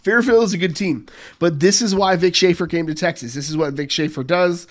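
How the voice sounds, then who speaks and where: A man co-hosting a sports podcast, giving steady, confident analysis in casual talk. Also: fairly high pitch, a little fast. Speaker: podcast co-host.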